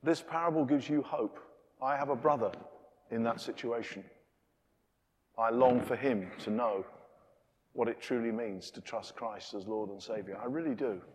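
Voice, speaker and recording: A man preaching in a lively, conversational way, throwing out rhetorical questions to his congregation. His mid-pitched voice carries into the long reverb of a large church. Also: slight background noise. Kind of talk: sermon.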